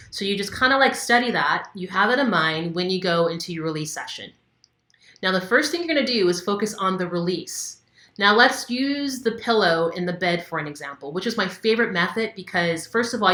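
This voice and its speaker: A woman's voice: mid-range voice, pushed and bright, roomy sound. A woman wellness coach talking casually to camera, candid and conversational with many fillers. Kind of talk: casual instructional talk to camera.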